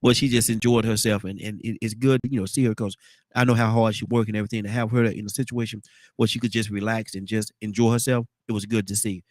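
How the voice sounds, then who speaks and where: A man's voice: on the low side, flat delivery, fast, a little mellow, no room sound. A man hosting a casual morning talk show, congested and rambling, often repeating words. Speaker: radio talk show host.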